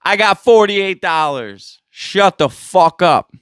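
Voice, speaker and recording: A man's voice: high voice, lively intonation, slow, fairly bright tone, smooth, no room sound, clean studio sound. A young man hosting a podcast, ranting casually with lots of swearing and exasperation. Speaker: podcast host. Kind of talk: profane casual rant.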